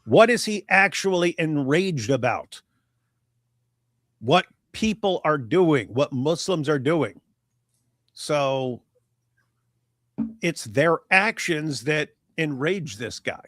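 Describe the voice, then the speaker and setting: A man's voice: fairly high pitch, animated, takes it slowly, pauses often, a bit bright, no echo, studio quality. A man co-hosting a live commentary stream, talking emphatically with a mocking edge. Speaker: co-host.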